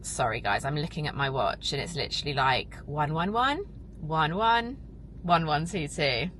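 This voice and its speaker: A woman's voice: deep voice, lively intonation, normal speed, a bit bright, a little hiss or hum, rough recording. A young woman talking to camera in a casual vlog, emotional and rambling, with lots of fillers. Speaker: vlogger and podcast host.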